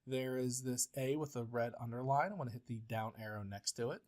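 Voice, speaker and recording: Male instructor, mid-pitched, patient step-by-step screen-recorded tutorial delivery. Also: a little fast, a little mellow. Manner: step-by-step, plain and patient, with frequent uh fillers. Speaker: professor. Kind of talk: software tutorial walkthrough.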